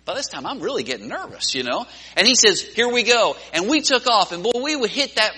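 A man preaching a sermon, swinging from hushed tones to loud, dramatic storytelling. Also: high voice, sing-song, a little fast, slightly rough. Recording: long hall reverb.

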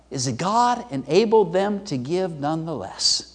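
A man preaching a sermon as pastor, swinging between loud emphatic peaks and low, quiet drops. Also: big pitch swings, unhurried, breathy edge. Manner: emphatic preaching with sweeping pitch and loudness swings. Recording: long hall reverb.

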